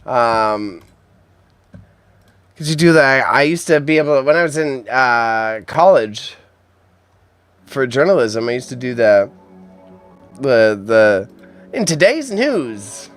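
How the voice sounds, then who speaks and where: A man's voice: medium pitch, a little slow, long pauses, a bit bright, clean tone, soft background music. A young man hosting a casual livestream, joking and self-deprecating as he laughs along and banters with his chat. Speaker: livestream host. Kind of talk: casual live-stream chat.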